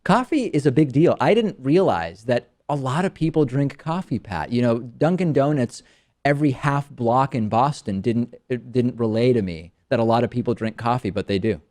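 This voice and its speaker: Male host, mid pitch, wry and lively studio banter. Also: moderate pace. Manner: wry and animated. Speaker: show host. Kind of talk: talk show banter.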